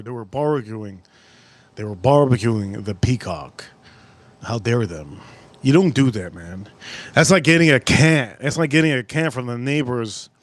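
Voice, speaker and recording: A man hosting a live cooking stream outdoors at a grill, talking in a casual, profane way with sudden loud exclamations. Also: medium pitch, no room sound.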